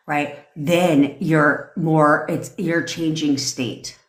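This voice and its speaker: Deep-voiced and slow, this female manifestation coach keeps a steady tone through a blunt, profane livestream rant. She cheers along with viewer comments, and the room sounds big and echoey.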